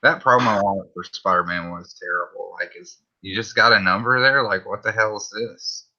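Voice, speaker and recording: Laid-back southern man, bright voice. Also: on the low side, moderate pace, dull audio. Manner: laid-back, swears casually. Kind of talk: casual chat on a livestream.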